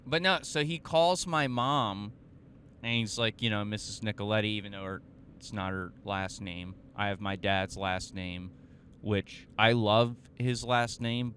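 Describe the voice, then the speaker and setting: On his podcast, a young man rambles through a story, cursing, mocking himself, and stumbling over fillers and restarts. He speaks on the low side with a somewhat bright tone, and a little hiss or hum is audible.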